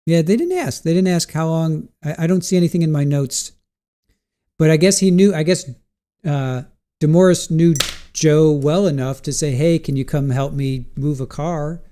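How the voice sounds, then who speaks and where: Male stream host, mellow, halting delivery with restarts, reading chat aloud. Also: a little high. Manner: answers live chat questions. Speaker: live trial commentary host. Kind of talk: casual live-stream commentary.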